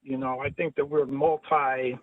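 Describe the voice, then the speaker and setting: A man's voice: medium pitch, level tone, normal speed, dry recording. Rambling man on a tinny call line. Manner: rambling, thoughtful, restarts a lot. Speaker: open mic participant. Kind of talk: casual chat on a video call. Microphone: video call. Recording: tinny dry phone-like call audio.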